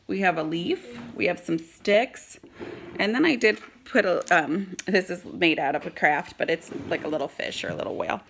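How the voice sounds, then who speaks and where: A woman's voice: lowish voice, creaky, a bit bright, a little hiss or hum. A woman teaching a circle time lesson to young children, encouraging and explaining each step in a sing-song way. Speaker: preschool teacher.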